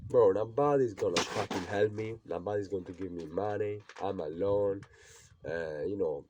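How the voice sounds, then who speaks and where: Filming himself in an old rural house, a young man vents his frustration in an agitated rant, repeating himself and cursing frequently. He has a deep, mellow voice, and there is slight background noise.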